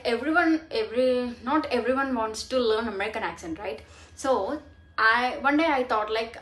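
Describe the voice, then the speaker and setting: Young woman, earnest, halting, fairly high voice, echoey room. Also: pushed and bright. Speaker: vlogger. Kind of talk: casual vlog talk. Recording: roomy echo.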